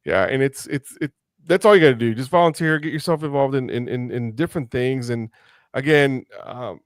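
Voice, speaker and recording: A male podcast host from Mexico speaks in a middle-pitched voice, recorded close and dry with no room sound. He talks with passion and rambles, restarting sentences often as he works his way to a point. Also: a little fast, no echo. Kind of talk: casual interview chat.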